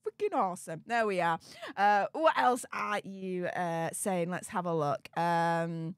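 A woman's voice: on the low side, measured pace, smooth, no echo, studio quality. A woman with a Yorkshire accent hosting a livestream, gushing thanks to viewers for their super chats in an exclamatory, bubbly way. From England. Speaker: livestream host.

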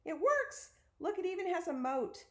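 Woman reader as young boy, excitable, high and exclaiming, storybook. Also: moderate pace. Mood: excited. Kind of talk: storybook read-aloud.

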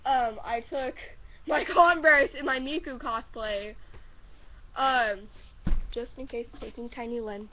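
A high-voiced teenage girl with an Oklahoma accent talks from upstairs at home, rambling with ums and nervous giggles. The audio is dull and lo-fi, with a faint hiss behind her. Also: takes it slowly. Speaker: vlogger. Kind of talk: casual vlog advice.

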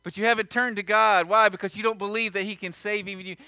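A man preaching a sermon as pastor, fervent and swinging from loud emphasis to hushed appeals. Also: sits high, steady tone, fast, clear, resonant tone, no room sound. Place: church.

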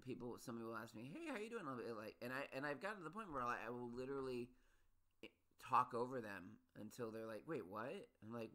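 A man of ordinary mid pitch talks through a solo podcast rant about his pet peeves. He rambles and restarts often, and sounds hyper and wound up. At times his voice jumps high and loud in exasperation. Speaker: podcast host.

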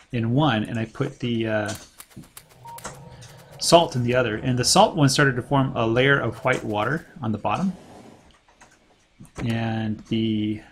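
A man's voice: mid-range voice, a bit bright, a little hiss or hum. A man hosting a let's play, casually thinking aloud and rambling as he plays. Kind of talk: casual gameplay commentary.

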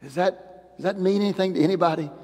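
A man in his fifties preaching a sermon as pastor, emphatic, then going soft and low when he prays. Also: fast talker. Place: church sanctuary. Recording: long church reverb with faint music.

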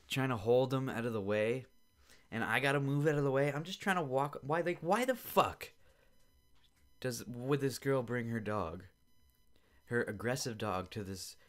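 A young man hosting a podcast from his basement, rambling and swearing through an irritated casual rant. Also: medium pitch. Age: young adult. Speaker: podcast host. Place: home basement.

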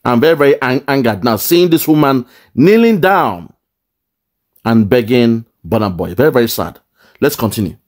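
A man's voice: medium pitch, lively intonation, normal speed, a little mellow. A man giving angry, emphatic commentary on a clip, stumbling and repeating words as he stresses his points.

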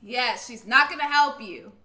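A woman giving excitable, casual commentary while playing a video game, trash-talking and repeating her lines. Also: fairly high pitch, measured pace. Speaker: gaming streamer.

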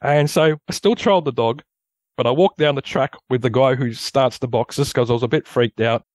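An Australian man telling a story as a podcast guest, animated, acting out sounds and dialogue. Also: mid-range voice, normal speed, no echo, clean studio sound. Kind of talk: casual storytelling.

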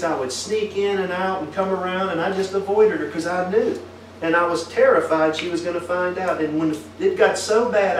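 Echoey preacher with a higher voice. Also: male voice, a little hiss or hum. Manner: asks the congregation many tag questions. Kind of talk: folksy sermon to a congregation. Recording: echoey room picked up from a distance.

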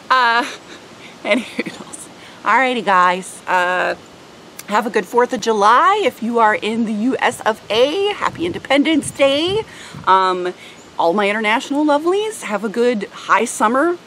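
A young woman talks casually to her viewers, chatty and rambling, with plenty of ums and uhs. Her pitch swings up and down a lot as she talks, and a faint background hum sits under her voice. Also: fairly bright tone, rough recording. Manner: chatty, rambling, with frequent fillers. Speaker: vlogger. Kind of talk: casual vlog chat.

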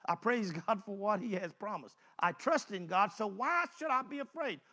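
A preacher man with a high-pitched, bright voice. He preaches with lively swings of pitch, rising to loud exclamations and dropping to low, quiet asides. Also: moderate pace. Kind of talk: sermon.

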